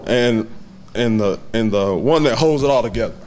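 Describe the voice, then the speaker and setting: A man in his thirties giving a heartfelt, halting acceptance speech at a hall of fame banquet, fighting back tears and laughing softly. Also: mid-range voice, slight background noise.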